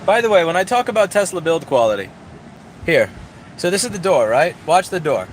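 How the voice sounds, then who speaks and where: A man's voice: fairly high pitch, sing-song, brisk, a little hiss or hum. A man hosting a casual driving vlog, ranting bluntly and sarcastically with lots of swearing while demonstrating a car door. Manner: blunt, profane, sarcastic rant. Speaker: vlog host. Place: in and around a car outdoors.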